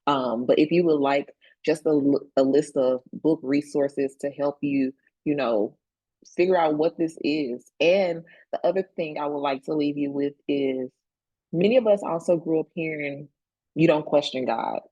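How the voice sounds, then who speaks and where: A woman's voice: low-pitched, normal speed, mellow, no echo, low-quality recording. A woman speaking directly and reflectively as a panelist on a video call. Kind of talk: casual panel conversation.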